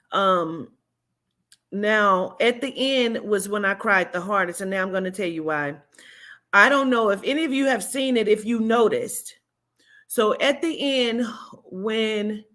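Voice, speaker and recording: A woman's voice: mid-range voice, a bit bright. A woman in a casual vlog, emotionally recapping a movie she saw, speaking candidly with fillers and the odd swear word. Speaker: vlogger and spiritual reader.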